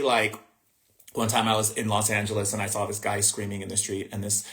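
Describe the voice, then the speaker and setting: A man's voice: fairly low pitch, level tone, fairly quick, fairly bright tone. A man hosting a livestream as a spiritual teacher, talking conversationally and rambling with restarts and asides, sometimes muttering to himself. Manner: distracted by screen trouble, muttering to himself. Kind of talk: live-streamed spiritual talk.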